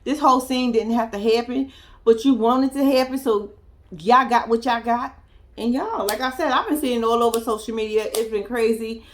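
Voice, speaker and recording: A woman's voice: on the high side, normal speed, a little hiss or hum. A young woman giving casual, profane, laughing commentary as she recaps a reality TV episode. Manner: animated, profane, laughing storyteller. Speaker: reality TV reaction vlogger.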